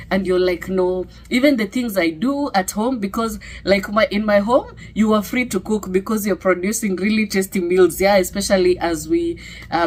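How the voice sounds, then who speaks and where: A middle-aged woman with a Kenyan accent sharing a personal testimony in a conversational way, full of fillers and "okay?" tags. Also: medium pitch. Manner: conversational, many fillers and tag questions.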